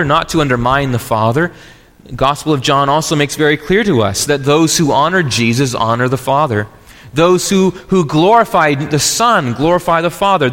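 A man's voice: on the high side, a bit bright, in a large hall. A man preaching a sermon as pastor, earnest and explanatory, often restarting phrases.

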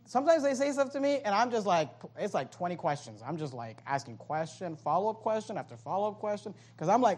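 Man, pastor, preaching a sermon, high voice, animated, joking asides. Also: fast, hardly any pauses. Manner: preaches with numbered points.

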